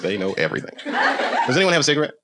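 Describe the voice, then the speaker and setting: A man working a live comedy crowd, talking fast and swinging his pitch all over. His voice sits a bit high for a man and he riffs loosely with plenty of swearing. Loud noise hangs behind him the whole time. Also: wildly swooping pitch. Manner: profane, riffing with the crowd. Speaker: stand-up comedian. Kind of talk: live stand-up set.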